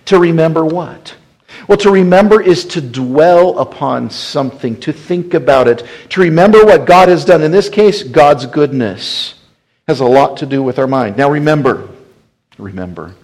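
A man preaching a sermon as pastor, swinging from loud emphatic bursts to hushed, quiet passages. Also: on the high side, moderate pace, poor audio.

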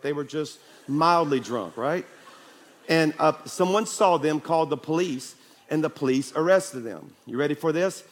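Middle-aged male pastor, sermon delivery, storyteller who builds to loud peaks. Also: a little high. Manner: animated storytelling, voice rising and getting louder at peaks.

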